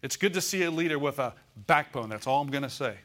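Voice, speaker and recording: A man's voice: fairly high pitch, animated, fast talker, a bit bright. A male pastor preaching a sermon in a folksy way, asking the congregation for amens and call-and-response.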